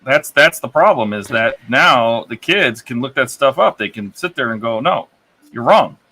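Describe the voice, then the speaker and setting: Male builder, bright tone, casual, half talking to himself, light room noise. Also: medium pitch, expressive, moderate pace. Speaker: model-building stream regular. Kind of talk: casual chat while working on a model.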